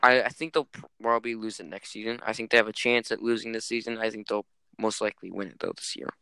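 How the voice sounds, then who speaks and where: Dude hosting a gaming chat, smooth bright voice, dry sound, asks a lot. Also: male voice, on the low side, steady tone, fast talker, no room sound. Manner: chatty, speculative, steers the talk with questions.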